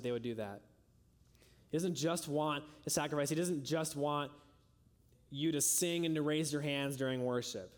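A young man delivers a sermon in a somewhat high voice. He preaches earnestly, lifting to emphatic peaks and letting phrases fall soft and low. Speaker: pastor.

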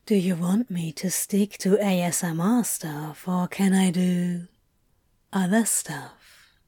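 Lady doing a sly demon guy, low hissy drawl, whispered role-play, super slow. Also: steady tone, slightly rough, no room sound, studio quality. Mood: teasing. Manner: hushed, hissing, drawling whisper.

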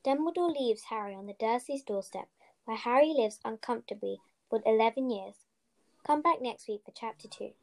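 A woman co-hosting a podcast, reading a children's novel aloud with steady storytelling and a few slips. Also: on the high side, moderate pace, vocal fry, low-quality recording. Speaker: podcast co-host, reader.

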